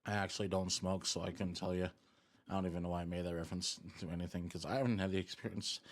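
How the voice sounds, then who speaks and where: A young man chats casually with his viewers on a live stream, rambling and joking while sucking a lollipop. His voice sits low, his tone is steady, and he talks quickly.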